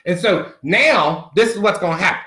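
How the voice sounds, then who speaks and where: A man's voice: high-pitched, expressive, normal speed, pushed and bright. A man playing a crude country dude. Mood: brash. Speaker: comedy character host. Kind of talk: improvised comic monologue. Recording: roomy echo.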